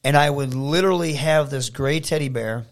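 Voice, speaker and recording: A man's voice: mid-range voice, normal speed. A man from Michigan, a professional wrestler, telling enthusiastic stories as a guest in a casual interview. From Saginaw, Michigan. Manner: animated, enthusiastic storyteller.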